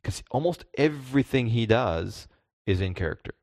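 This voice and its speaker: A man's voice: medium pitch, lively intonation, normal speed, darkish tone, no echo, studio quality. A man co-hosting a casual chat about tabletop gaming, stammering through restarts as he talks. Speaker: podcast co-host, game master.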